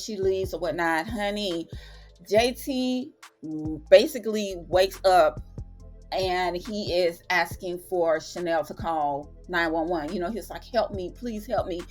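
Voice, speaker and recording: A woman's voice: mid-range voice, unhurried, faint music behind. A woman hosting her own review channel, chatting through a TV episode recap with dramatic retellings and slangy asides. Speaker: TV and film review channel host.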